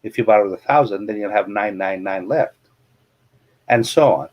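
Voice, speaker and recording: A man's voice: fairly low pitch, moderate pace, highs cut off. Middle-aged man telling money stories. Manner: anecdotal, explains money with plain examples. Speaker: real estate investor and coach. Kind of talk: storytelling interview guest.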